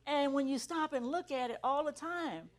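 A woman's voice: sits high, moderate pace. A middle-aged woman giving an earnest church testimony to students, building to emphatic peaks. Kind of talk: testimony sermon.

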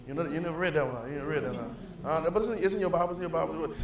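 Fast-talking fervent preacher man. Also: a little high, reverberant, background noise. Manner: calls out to the congregation, builds to loud fervor; casual, repetitive restarts. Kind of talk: sermon.

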